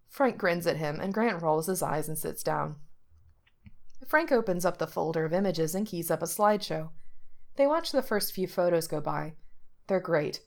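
A woman's voice: fairly low pitch, expressive, moderate pace. A woman reading a story aloud as narrator, shifting her voice slightly for the characters' lines. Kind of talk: audiobook reading of fiction.

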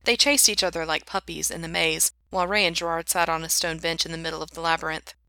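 A woman reads a story aloud in an even, unhurried voice. Her voice is low but bright and forceful. The recording is dry and close. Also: no room sound. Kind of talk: reading fan fiction aloud.

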